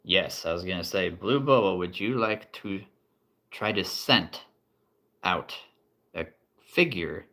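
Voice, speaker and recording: A man running a tabletop role-play game as game master, playful and quick to chuckle as he addresses his players. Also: low-pitched, expressive, bright, forceful tone.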